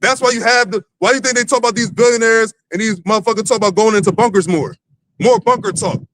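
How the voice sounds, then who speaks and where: High-voiced man teaching scripture loosely. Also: fairly even intonation, fast talker, fairly bright tone, slight background noise, low-quality recording. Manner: loose and profane, lots of fillers and restarts. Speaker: lead teacher of a religious camp. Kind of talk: livestreamed street-style Bible teaching.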